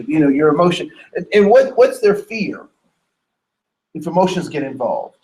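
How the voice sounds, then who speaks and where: Animated male trainer in echoey room. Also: on the high side, normal speed, far from the mic. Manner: animated, asks the room questions, acts out quotes. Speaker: diversity trainer. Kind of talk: workshop lecture.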